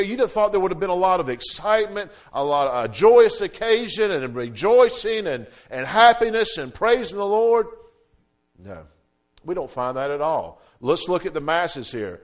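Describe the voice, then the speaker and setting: A man preaching a sermon as pastor, calling out amen and swinging between loud emphatic peaks and low quiet drops. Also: very animated, normal speed. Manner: preaching with frequent "amen" calls and fillers.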